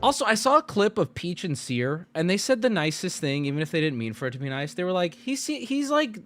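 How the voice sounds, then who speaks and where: A man's voice: on the high side, fast talker, soft background music. A jet-lagged man hosting a casual livestream chat, rambling and swearing as he talks. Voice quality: animated, profane, rambling. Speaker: streamer host.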